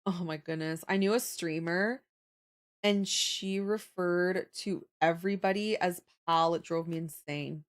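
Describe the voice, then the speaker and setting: A young adult woman, chatting casually with her live viewers. She talks in an animated way, laughs often and answers viewer comments as they come in. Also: on the low side, a little slow. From Canada. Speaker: livestreamer.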